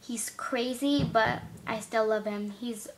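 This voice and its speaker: Girl vlogger, high voice, unhurried, giggly, rambling, restarts. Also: steady tone. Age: young girl. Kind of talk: casual chat to camera.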